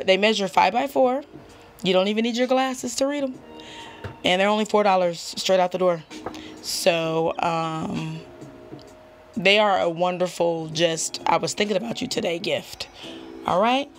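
Assertive, chatty woman tarot reader. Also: mid-range voice. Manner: assertive, chatty, frequent ums and "okay?" check-ins. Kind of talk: casual direct-to-viewer tarot reading.

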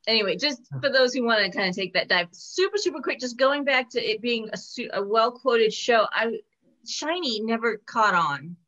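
A woman hosting a podcast, chatting casually and enthusiastically with lots of quick asides. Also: fairly high pitch, lively intonation, bright, forceful tone. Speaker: podcast host. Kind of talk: casual chat. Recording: dull lo-fi audio.

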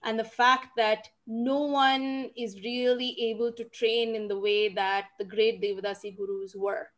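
A woman answering audience questions in an online session, expressive and emphatic, stressing words to make her point. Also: fairly high pitch, unhurried. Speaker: featured dancer and speaker. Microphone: video call.

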